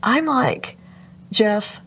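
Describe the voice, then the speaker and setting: A woman's voice: fairly high pitch, drawn-out words, fairly bright tone, a little hiss or hum. A middle-aged woman, a guest on an interview show, telling a personal story in an earnest, vivid way and often addressing the host. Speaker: guest entrepreneur. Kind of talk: emotional storytelling.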